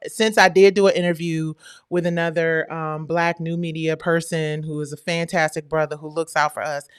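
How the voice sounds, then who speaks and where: Smooth low-voiced woman chatting on a livestream. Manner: animated, slangy and chatty. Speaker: livestream host. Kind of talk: casual livestream chat.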